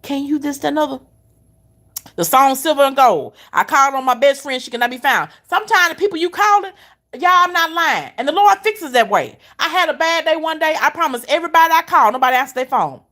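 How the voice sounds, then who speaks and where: A middle-aged woman with a fairly high voice gives an encouraging, faith-filled talk. She talks like a preacher, repeating lines for emphasis. She calls the listener baby and honey. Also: lively intonation, fast, a bit bright. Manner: emphatic repetition, folksy Southern-style phrasing. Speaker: motivational speaker.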